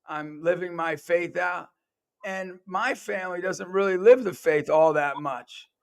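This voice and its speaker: A man with a high-sitting voice and vocal fry speaks unhurriedly as he hosts a podcast. He shares personal stories in an earnest, conversational way, acting out the voices of the people he quotes.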